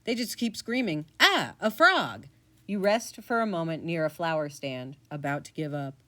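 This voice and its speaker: A woman narrating a choose-your-own-adventure story in second person, playful and animated. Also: sits low, moderate pace. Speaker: podcast narrator.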